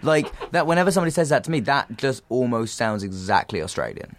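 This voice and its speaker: A man's voice: medium pitch, very animated, quick pace, slight background noise. A man from England, a podcast guest, chatting casually and hesitantly as he searches for words. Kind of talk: casual chat.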